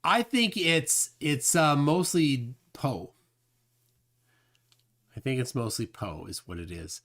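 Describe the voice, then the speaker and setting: A man's voice: medium pitch, slow, fairly bright tone. A man hosting a casual livestream, reading viewer comments aloud and rambling with lots of fillers. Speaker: livestream host reading chat.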